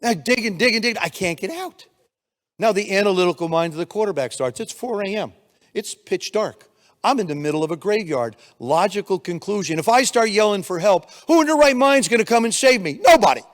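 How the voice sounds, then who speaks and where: Older guy giving a pumped-up keynote, high voice, hall reverb, handheld mic. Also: brisk. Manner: energetic storytelling with acted-out quotes. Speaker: keynote speaker. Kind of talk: motivational keynote speech. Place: conference room.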